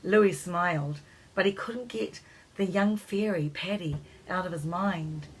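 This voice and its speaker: A woman reading a children's storybook aloud as narrator, gently lifting her voice for the characters' lines. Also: on the low side, measured pace, slightly rough, low-quality recording.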